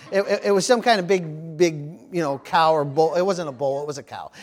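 A man pastor preaching a sermon, telling animated stories and calling out "amen" and "praise the Lord". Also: a little high, normal speed. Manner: animated storytelling with amens and praise interjections.

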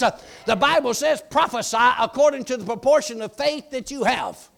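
Preacher guy, high gravelly voice, tells it big and shouts the declarations. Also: normal speed. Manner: dramatic storytelling, shouting declarations. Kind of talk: testimony sermon.

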